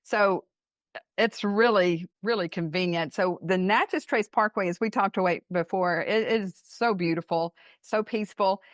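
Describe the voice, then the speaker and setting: A woman who writes about travel, a guest on a radio show, telling bike-trip stories in a lively, casual way, laughing and speeding up as she goes. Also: mid-range voice, moderate pace, dry recording, studio quality. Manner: animated storyteller, laughs and speeds up. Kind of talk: casual interview storytelling.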